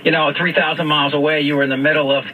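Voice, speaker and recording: A man's voice: on the high side, little pitch movement, rapid-fire, sharp tone, slight background noise. A male radio host interviewing a guest, chatty and stumbling, often repeating his words. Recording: phone-like radio broadcast.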